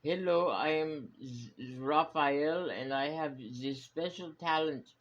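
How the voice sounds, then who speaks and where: A man putting on a halting mock French accent, drifting toward German, to play a French man introducing himself as a prop builder. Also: on the high side, a bit bright, muffled recording, pitched above the performer's own voice. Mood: stagey.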